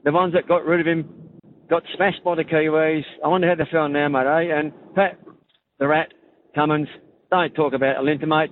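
A man's voice: fairly high pitch, fairly even intonation, brisk. A man with an Australian accent calling a radio show, rambling bluntly and calling everyone mate. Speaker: caller. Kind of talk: talkback call. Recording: tinny phone line with faint noise.

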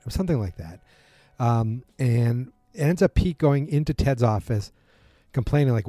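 A man's voice: medium pitch, animated, moderate pace, dark tone, dry recording, soft background music. Loose, rambling man recapping a show. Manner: rambling, loose, many fillers, acts out quotes. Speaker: podcast host recapping a TV drama. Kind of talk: casual recap chat.

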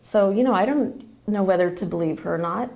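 A woman's voice: mid-range voice, a little fast, vocal fry, a little mellow. A woman, a podcast guest, recounting a family story casually and acting out the quoted dialogue as she goes.

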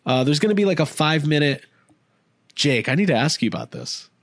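Male podcast host, lively self-deprecating storyteller, dry close-miked sound. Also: a little high, fairly quick, no room sound. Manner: self-mocking, animated storytelling. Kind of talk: casual chat.

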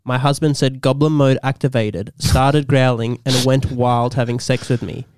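A man on a podcast reading a listener's letter aloud in a soft, subdued way, then answering casually. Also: mid-range voice, fairly even intonation, moderate pace, a little hiss or hum.

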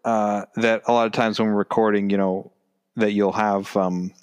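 A man co-hosting a podcast in casual chat, excitable and laughing often, acting out drum sounds. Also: fairly low pitch, moderate pace, clear, resonant tone. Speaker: podcast co-host.

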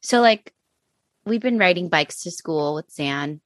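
A woman's voice: fairly low pitch, lively intonation, unhurried, dry recording. Chatty woman with a dry sound. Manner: chatty, slangy storyteller. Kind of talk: casual chat.

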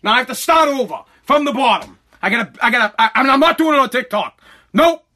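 Guy ranting solo on his podcast, high bright voice, swearing a lot, keeps tripping over words. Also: lively intonation, fast talker. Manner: profane, agitated ranting with repeated stammers. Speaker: podcast host.

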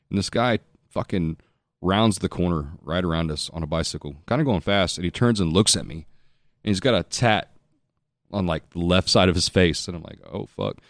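A man's voice: deep voice, dry recording, studio quality. A man telling a rambling, profane travel story in casual podcast chat. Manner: profane, rambling, self-mocking.

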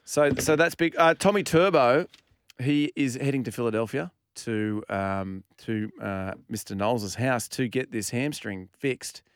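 A man's voice: mid-range voice, measured pace, a little hiss or hum. Easygoing Australian man on a podcast. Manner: easygoing, reads stats with jokey asides. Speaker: podcast co-host. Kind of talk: casual sports chat.

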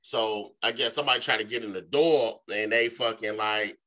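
Bright-voiced man telling a rambling story. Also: lowish voice, moderate pace. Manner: animated, profane storytelling with lots of filler phrases. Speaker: podcast co-host. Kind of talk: casual storytelling.

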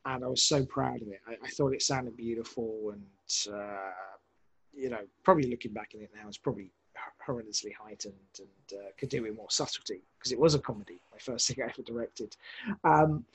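A man, a podcast director, talking casually in an interview, animated and rambling with many restarts. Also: mid-range voice, a little fast, slightly rough, rough recording.

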